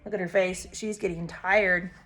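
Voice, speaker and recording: A woman, a preschool teacher, reading a picture book aloud to young children and pointing out the pictures. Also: fairly low pitch. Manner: slow, expressive, pointing out pictures to kids.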